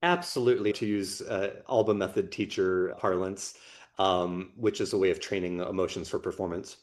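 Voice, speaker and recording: A man's voice: low-pitched, normal speed, darkish tone. Man co-hosting a reflective podcast. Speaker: podcast co-host. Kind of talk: conversational podcast discussion.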